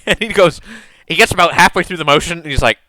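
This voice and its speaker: A man running a tabletop game as game master, describing scenes in a relaxed, rambling way with many fillers. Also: a little high, quick pace, dry recording.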